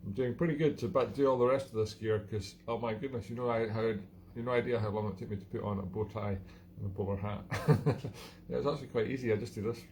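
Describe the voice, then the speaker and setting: A man's voice: on the low side, fast talker, warm tone, a little hiss or hum. Rambling Scottish man hosting a live stream. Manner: rambling and self-mocking, often chuckling. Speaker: live-stream show host. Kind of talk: casual live-stream chat.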